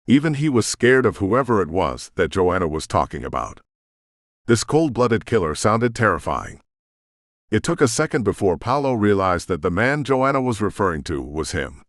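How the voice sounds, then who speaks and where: A man narrating an audiobook in an expressive storytelling manner, in a studio booth. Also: fairly low pitch, no echo. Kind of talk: scripted narration.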